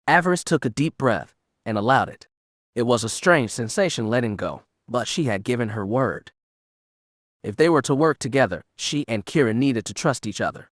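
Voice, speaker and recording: A male audiobook narrator reads in a steady, even manner at a mid-range pitch. The recording is close and dry, with no room echo. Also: moderate pace. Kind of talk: scripted narration.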